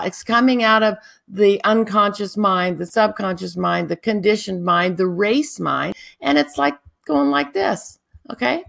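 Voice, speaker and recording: A woman hosting a spiritual talk show, guiding listeners in a calm, drawn-out, meditative way. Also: medium pitch, creaky. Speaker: spiritual teacher and show host.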